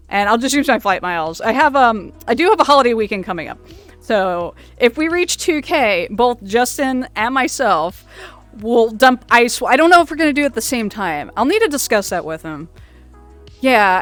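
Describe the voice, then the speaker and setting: A woman hosting a casual livestream, chatty and quick to laugh, often stumbling and restarting her words. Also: fairly high pitch, a bit bright. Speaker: streamer host.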